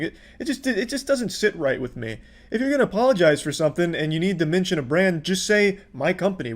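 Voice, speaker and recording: Commentary host, male, thirties, slightly higher voice, exasperated profane ranting. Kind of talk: reaction commentary.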